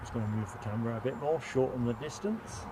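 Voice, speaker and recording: Fast-talking and mid-range in pitch, a man from England runs a relaxed livestream outside by an airport. Background noise comes through clearly as he banters with his chat, joking and reading viewers' names aloud.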